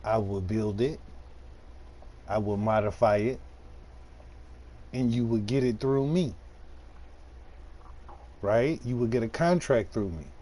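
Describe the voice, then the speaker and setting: A man's voice: lowish voice, slow pace, pauses often, warm tone. A man from Detroit, casually chatting with viewers while playing a farming game on a live stream, slangy and laid-back. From Detroit, USA.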